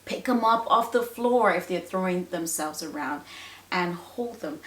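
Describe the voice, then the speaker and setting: A woman's voice: fairly low pitch, expressive, measured pace, a bit bright, echoey room. A woman nurse and mother giving parenting advice straight to camera, emphatic and full of rhetorical questions. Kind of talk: direct-to-camera advice talk.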